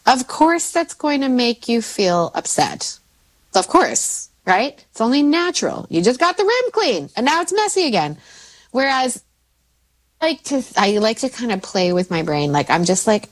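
A woman in her forties, a mindset coach, talking casually and jumping up in pitch when she quotes herself. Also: normal speed. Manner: animated, swoops into high pitch when quoting herself. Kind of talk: casual podcast chat.

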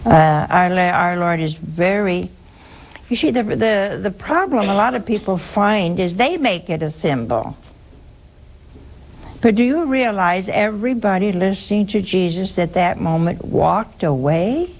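An older woman hosting a call-in show, slowly explaining scripture to a caller and repeating her key points with emphasis. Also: medium pitch, expressive, slight background noise. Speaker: host answering a caller. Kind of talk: call-in religious teaching.

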